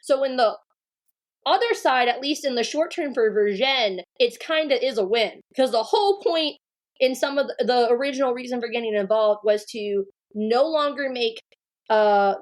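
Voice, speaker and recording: A woman co-hosting a podcast in casual discussion, rambling and animated, with lots of fillers. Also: a little high. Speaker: podcast co-host.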